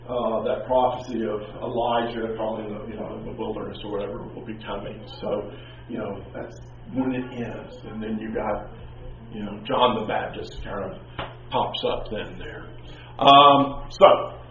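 A man's voice: mid-range voice, slight background noise. A man teaching a class, lecturing in an informal, rambling, conversational way. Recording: echoey, distant, tinny classroom recording.

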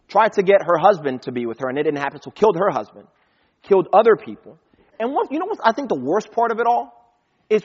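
A man with a high, slightly husky voice preaches a casual, conversational sermon. He quotes scripture and slips briefly into the voices of the people in the stories. The recording sounds dull and lo-fi.

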